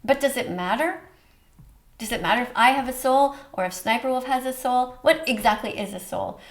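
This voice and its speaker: This woman's voice is on the high side and moves at normal speed as she hosts a reaction video about a short film. She comments earnestly and emotionally, slipping into a preachy tone.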